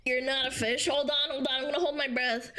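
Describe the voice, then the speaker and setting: A woman's voice: sits high, flat delivery, fast, pushed and bright. A woman streaming live, chatting casually and chaotically with bursts of laughter while coughing with hiccups.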